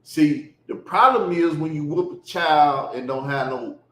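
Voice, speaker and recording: Male podcast host, profane animated storyteller, echoey room sound. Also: a little high, measured pace. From Chicago. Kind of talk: casual storytelling chat.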